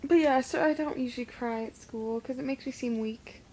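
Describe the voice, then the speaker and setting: A teenage girl with a lisp, talking to camera in a casual vlog, halting and full of fillers. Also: sits high, a little mellow, slight background noise. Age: teens. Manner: hesitant, halting with many fillers. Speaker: vlogger. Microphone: phone camera.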